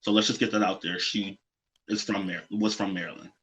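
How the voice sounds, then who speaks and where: A man's voice: lowish voice, fairly even intonation, a little fast, a bit bright. A man co-hosting a drag show, talking casually and emphatically, sometimes giving little history lessons. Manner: emphatic, lecturing asides, laughs along. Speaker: podcast co-host. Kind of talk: casual chat. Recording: dull lo-fi audio.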